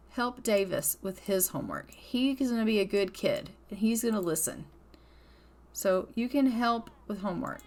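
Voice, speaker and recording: A woman hosting a casual let's-play, exasperated and scolding her game characters, and speaking their thoughts aloud for them. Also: fairly high pitch. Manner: voices characters' thoughts in quotes. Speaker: gaming channel host.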